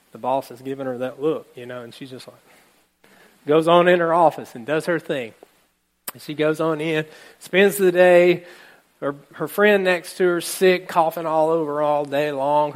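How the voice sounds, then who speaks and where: A male pastor preaching a sermon, telling a story and acting out the characters' lines while speaking to his congregation. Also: fairly high pitch. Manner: animated, acts out characters' lines, addresses congregation.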